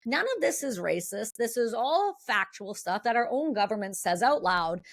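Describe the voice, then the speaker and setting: A woman hosting a sit-down interview, speaking bluntly and fast with strong opinions. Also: on the high side, very animated, creaky. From Canada. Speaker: host.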